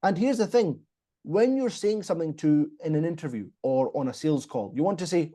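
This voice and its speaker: A man's voice: a little high, lively intonation, dark tone. Emphatic man coaching public speaking. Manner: emphatic, repeats himself, pauses for effect. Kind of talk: instructive podcast talk.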